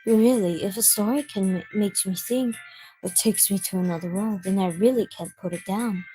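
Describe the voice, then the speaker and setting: Soft, hushed shy teen bookworm girl for a game read-through, voiced by a man; quiet and measured, a touch high. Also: faint music behind, lightly acted, low-quality recording.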